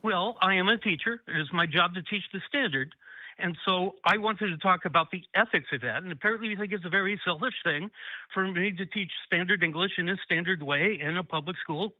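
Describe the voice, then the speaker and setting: A man's voice: high-pitched, a little fast, dry recording. Male caller, insistent and defensive, heard over a dry phone line. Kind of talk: call-in debate.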